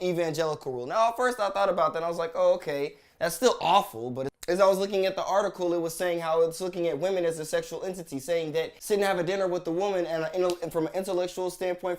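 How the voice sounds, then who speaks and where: A man delivering blunt, sarcastic commentary as a vlogger, swearing heavily as he rants. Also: a little high. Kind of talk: profane ranting commentary.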